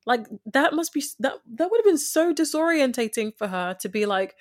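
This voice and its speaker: A woman's voice: fairly high pitch, brisk, hardly any pauses. A woman chatting casually about a TV series, retelling scenes and acting out the characters' lines. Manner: animated storyteller, acts out quotes. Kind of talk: casual chat reviewing a TV show.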